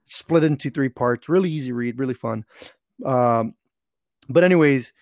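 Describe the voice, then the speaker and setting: Creaky-voiced young man, casual host. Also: medium pitch, normal speed, no room sound, clean studio sound. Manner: relaxed storyteller, laughs easily. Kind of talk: casual podcast chat.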